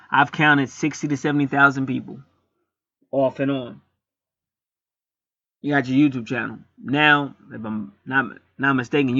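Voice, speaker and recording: A man giving a casual astrology reading, talking in an animated, repetitive and blunt way. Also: mid-range voice, creaky, no echo, dull audio. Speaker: astrology and angel card reader. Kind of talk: casual spoken chart reading.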